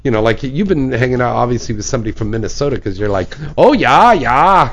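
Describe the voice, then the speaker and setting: A man's voice: mid-range voice, racing, darkish tone. A man hosting a radio talk show, chatting casually and joking between plugs in a studio. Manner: joking, loose, plugs and asides.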